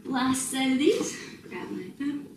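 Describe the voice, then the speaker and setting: A woman's voice: high-pitched, very animated, a little slow, recorded from a distance. A woman instructor leading a home workout, slightly out of breath, upbeat and laughing as she counts down reps. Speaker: fitness instructor. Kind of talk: workout tutorial cueing. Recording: roomy, noisy, mic set away.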